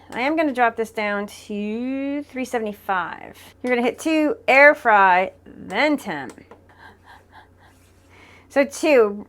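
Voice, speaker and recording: A woman talking casually as she cooks in her home kitchen, narrating each step of a cooking demo as she goes. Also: on the high side. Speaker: cooking vlogger.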